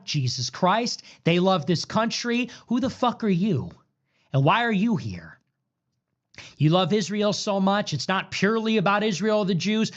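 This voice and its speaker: A man delivering an angry, profane, preachy rant on a livestream. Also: high-pitched. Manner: furious, profane, preachy tirade. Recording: dull lo-fi clip audio.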